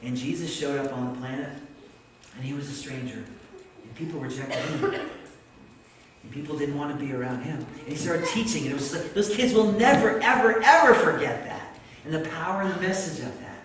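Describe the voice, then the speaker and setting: A man preaching a sermon, telling a story that builds to excited shouts. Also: a little high, a little fast, slight background noise. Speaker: pastor. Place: church sanctuary. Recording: echoey church hall from far off.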